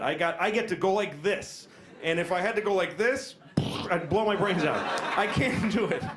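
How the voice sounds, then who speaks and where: A man's voice: sits high, a bit bright. A man in his forties doing a crude, self-deprecating stand-up set in a comedy club. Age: 40s. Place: comedy club with a laughing crowd.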